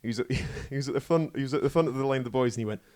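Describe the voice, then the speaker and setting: A man's voice: mid-range voice, rapid-fire, a little mellow, clear, resonant tone. A man co-hosting a podcast in a casual, teasing manner, bantering with the guest. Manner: teasing, laid-back banter. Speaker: podcast co-host.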